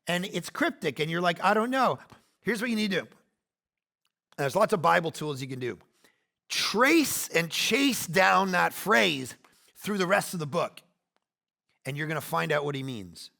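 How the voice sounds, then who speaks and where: A man in his forties preaching a sermon, animated, swinging between loud bursts and quiet asides. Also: a little high, unhurried, vocal fry, long pauses. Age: 40s. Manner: acts out quoted lines in playful voices. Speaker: pastor.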